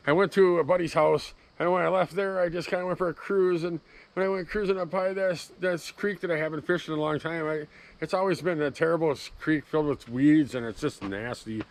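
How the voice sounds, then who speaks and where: A man's voice: on the high side, creaky, a little hiss or hum, poor audio. A man sitting in his parked truck, rambling through an easygoing, casual vlog outro. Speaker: fishing vlogger.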